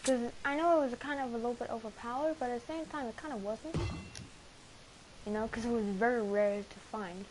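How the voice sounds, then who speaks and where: A woman gamer streaming a match indoors at home chatters through her play fairly quickly, poking fun at herself and stumbling over fillers and restarts. Her voice is a little high with fairly even intonation, and there's clear background noise.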